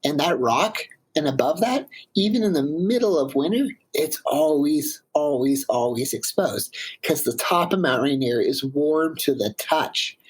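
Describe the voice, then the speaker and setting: A man in his thirties, a climber and guest, telling a story in a casual, animated and emphatic way. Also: a little high, moderate pace, slightly rough, low-quality recording. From Washington State, USA.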